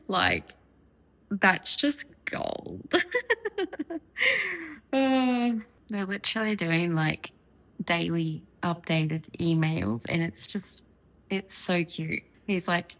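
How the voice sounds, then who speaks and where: Giggly bright-voiced young woman vlogger. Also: fairly low pitch, expressive, slow pace, low-quality recording. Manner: giggly, gushing, reads excerpts aloud. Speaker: book vlogger. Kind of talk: casual reading vlog chat.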